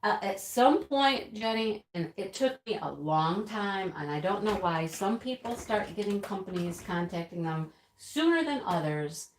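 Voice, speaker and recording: A woman's voice: mid-range voice, expressive, measured pace, few pauses, a little hiss or hum. A woman hosting a casual live stream, chatting, laughing often and reading out viewer comments. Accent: American. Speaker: livestream host. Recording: roomy echo.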